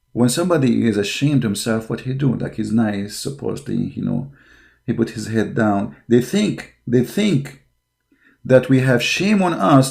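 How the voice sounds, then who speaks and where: Gravelly-voiced man, combative preaching tone. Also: mid-range voice, darkish tone. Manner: combative and preaching, grows heated and mocking; non-native English grammar, frequent uh fillers. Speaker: religious commentator. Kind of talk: impassioned online commentary monologue.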